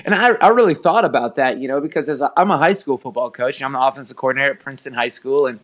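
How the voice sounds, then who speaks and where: A man's voice: medium pitch, very fast, a bit bright. Talkative man telling stories. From Texas. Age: 30s. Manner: storytelling, acts out dialogue, laughs while telling. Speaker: podcast host and high school football coach. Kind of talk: casual podcast conversation.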